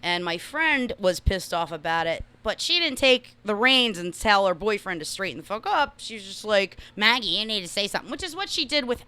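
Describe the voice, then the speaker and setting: A young adult woman co-hosting a podcast, telling a story in a profane, animated way. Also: mid-range voice, moderate pace, few pauses, smooth. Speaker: new podcast co-host. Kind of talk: casual storytelling chat.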